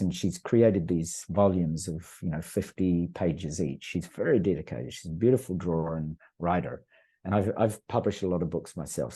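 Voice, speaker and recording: Husky, very dark-voiced man. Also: deep voice. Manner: earnest, rambling, with frequent restarts. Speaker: podcast guest. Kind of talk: casual conversational storytelling.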